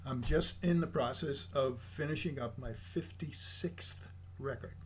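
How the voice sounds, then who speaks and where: A man's voice: medium pitch, measured pace. Older male guest, storyteller, mimics quoted voices, faint noise behind. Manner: animated anecdotes, acts out quoted voices. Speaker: guest, jazz bassist. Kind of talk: casual storytelling interview.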